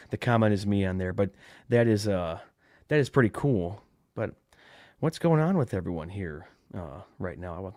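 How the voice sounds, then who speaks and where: A man with a fairly low voice hosts a live-streamed podcast, chatting loosely to his viewers. He rambles off the cuff, circling back with fillers and restarts. His voice sits close to a covered desk microphone with a dry, deadened sound. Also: darkish tone, no echo. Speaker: podcast host. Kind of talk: casual live-stream chat.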